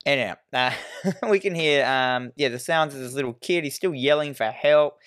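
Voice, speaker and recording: A man's voice: medium pitch, moderate pace, fairly bright tone, dry recording, studio quality. A man, co-hosting a podcast and recapping a horror film in irreverent casual chat, swearing freely. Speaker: podcast co-host.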